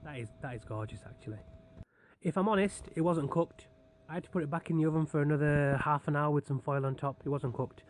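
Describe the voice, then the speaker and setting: A man's voice: on the high side, little pitch movement, fast talker, a little hiss or hum. Jokey man narrating his cooking. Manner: jokey, self-mocking running commentary. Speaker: home cook vlogger. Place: home kitchen. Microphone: handheld camera.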